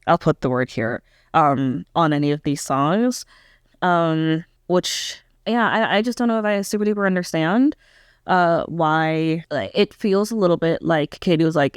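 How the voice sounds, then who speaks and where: A young woman with a deep, smooth voice speaks a little slowly while casually reacting to a pop album. Hesitant and self-questioning, she peppers her thoughts with "um" and "like," and the studio-quality recording has no room sound.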